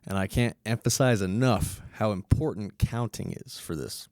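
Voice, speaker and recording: A man's voice: lowish voice, moderate pace, darkish tone, dry recording, clean studio sound. A man giving a casual music lesson, explaining step by step and counting beats aloud. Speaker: music teacher.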